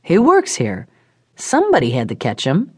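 Brief: woman reading headstrong young woman, blunt, animated delivery, dry close sound. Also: sits low, normal speed, slightly rough, no echo, full character voice. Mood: defiant.

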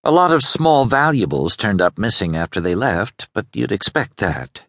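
A man's voice: fairly low pitch, very animated, normal speed, a bit bright, no echo, clean studio sound, exaggerated voice. A man voicing a determined young noblewoman in an audiobook, urgent and pleading. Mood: indignant. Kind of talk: audiobook character voice.

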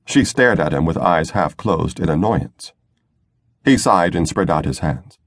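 A man reading a science fiction novel aloud as audiobook narrator, in a measured storytelling manner. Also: low-pitched, lively intonation, slightly rough, no room sound, studio quality. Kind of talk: scripted narration.

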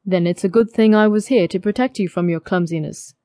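A woman's voice: a little fast, warm tone, dry recording, clean studio sound, lightly acted. A woman voicing a charming, teasing young man in an audiobook romance, with a playful, wry manner. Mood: gentle. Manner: playful, wry, lower-pitched.

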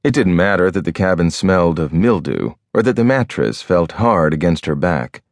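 A man narrating a thriller audiobook in a measured, storytelling manner. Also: deep voice, animated, no room sound, studio quality. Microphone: close studio mic.

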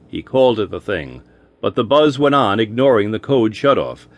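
A man narrating an audiobook in a wry, expressive storytelling manner. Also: on the low side, moderate pace, no room sound.

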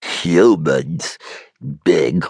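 A man voicing a small, grumbling male hobgoblin with a gruff, aggrieved manner. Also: sits low, very slow, darkish tone, no room sound, heavily acted.

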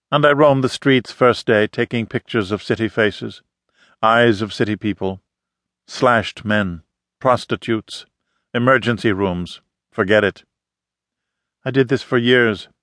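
A man's voice: medium pitch, a bit bright, dry recording, studio quality, lightly acted. A man voicing an intense middle-aged woman photographer with a slight foreign accent and formal, emphatic phrasing, read in an audiobook. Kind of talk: audiobook character reading.

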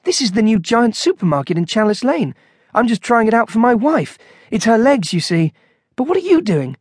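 A man voicing a mild, muddled elderly gentleman, speaking vaguely and uncertainly. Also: sits high, sing-song, normal speed, husky, no echo, studio quality, voice pushed up, heavily acted. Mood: puzzled. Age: older.

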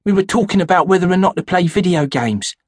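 Teen partygoer, slangy, high husky voice, performed by the male narrator. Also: animated, quick pace, no room sound, clean studio sound. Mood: surprised. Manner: loose, slangy. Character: bored teenage boy at a party.

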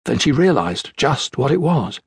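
A male narrator reading a children's adventure audiobook, his voice slightly husky and mid-pitched. The recording is dry and close, with no room around it. He tells the story in a measured, even manner. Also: dry recording. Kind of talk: scripted narration.

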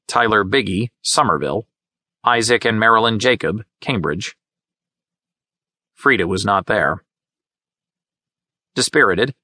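A man reads an audiobook in a measured, even-handed way. His voice sits a little low yet has a forceful, bright edge. The studio sound is close and dry, with no room around it. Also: dry recording. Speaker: audiobook narrator. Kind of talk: scripted narration.

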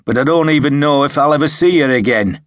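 A man's voice: a little high, fast, no echo, studio quality, pitched above the performer's own voice, natural voice. A man voicing a tough army captain who talks harshly and swears a lot. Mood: gruff.

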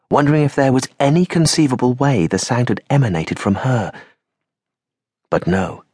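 A man reading an audiobook aloud, measured and dramatic, slowing and going quiet on the grave moments. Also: fairly low pitch, slightly rough, no echo, clean studio sound. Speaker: audiobook narrator. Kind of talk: scripted audiobook narration.

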